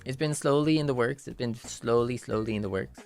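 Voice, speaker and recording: A man's voice: medium pitch, fairly quick, creaky, darkish tone, faint music behind. A man chatting casually on his livestream in a playful, rambling way, full of "like" and repeated phrases.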